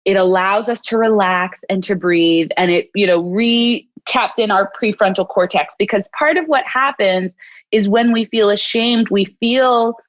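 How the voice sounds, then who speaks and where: A woman's voice: medium pitch, unhurried. A woman clinical psychologist, a guest in an interview, explaining ideas reflectively and acting out bits of inner self-talk, often checking in with "right?". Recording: dull lo-fi audio.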